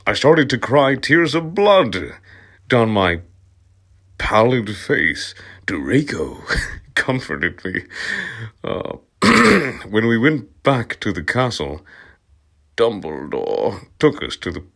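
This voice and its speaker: A man's voice: lowish voice, sing-song, takes it slowly, creaky, long pauses, breathy edge. A man giving an amused, comic reading of a story, breaking off to laugh and comment, sometimes dropping to a whisper. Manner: drops into soft whispers at times. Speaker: channel host reading aloud. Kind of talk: comic reading of fan fiction, ASMR.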